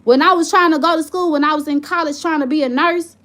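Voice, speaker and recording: A high-pitched woman vents to the camera. She talks in a heated, rambling way and circles back over the same points. It sounds like a candid home vlog. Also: quick pace, a bit bright. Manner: heated, rambling, repeats herself when upset. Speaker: vlogger.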